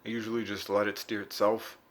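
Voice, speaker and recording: A young man vlogging, telling a rambling, profane story in a casual monologue with sudden loud bursts. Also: on the low side, level tone, fairly quick.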